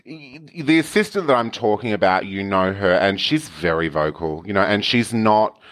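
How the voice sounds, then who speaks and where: A man, telling camp, animated stories in casual chat. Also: fairly low pitch, moderate pace. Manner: camp, animated anecdote teller with acted quotes. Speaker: guest storyteller.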